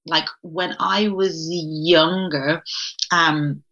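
A woman with a Dublin accent speaks in a low, bright and forceful voice. She talks reflectively in a relaxed interview, thinking aloud with fillers and restarts. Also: very slow, dull audio. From Ireland. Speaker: guest, writer and academic. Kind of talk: casual interview conversation.

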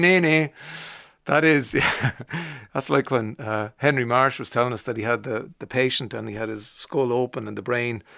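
A man's voice: medium pitch, gravelly, a bit bright, dry recording, studio quality. An Irish man hosting a radio show, chatting casually and reading out listener messages with frequent "uh" fillers. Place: radio studio.

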